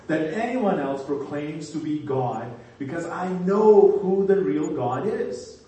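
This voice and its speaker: A man's voice: a little high, animated, measured pace, dark tone. A man preaching a sermon in an earnest way, often repeating words as he restarts his phrases. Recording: very echoey hall from far off.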